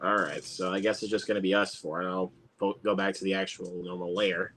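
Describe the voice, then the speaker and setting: A man hosting a casual movie watch-along, reacting excitably and swearing now and then. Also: sits low, fairly quick, slight background noise. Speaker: host.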